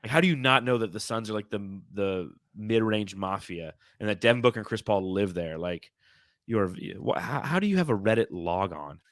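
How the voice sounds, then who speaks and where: A man co-hosting a sports podcast in casual chat, excitable and quick to laugh, reading out fan comments. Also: fairly low pitch, dry recording, clean studio sound. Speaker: podcast co-host.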